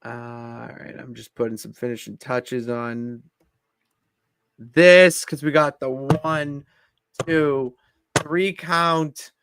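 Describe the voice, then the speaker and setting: A man's voice: mid-range voice, slow, clear, resonant tone. Laid-back young man podcast co-host. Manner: relaxed, short agreeing replies. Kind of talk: casual chat.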